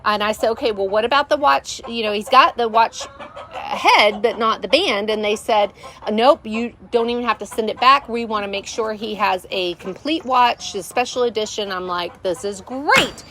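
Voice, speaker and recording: A woman's voice: a little high, normal speed, a bit bright, a little hiss or hum. Woman, middle-aged, exasperated rambling storyteller, faint chickens clucking behind. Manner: exasperated, rambling, many fillers. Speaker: vlogger, channel host. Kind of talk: casual storytelling to camera. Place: rural homestead, outdoors.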